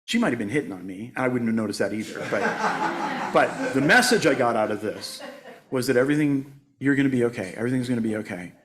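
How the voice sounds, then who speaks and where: A man in his sixties from the United States, guest-speaking in a church sanctuary, delivers a conversational sermon. His medium-pitched voice has lively intonation and a quick pace, and he jokes at his own expense and laughs often. Some background noise is audible.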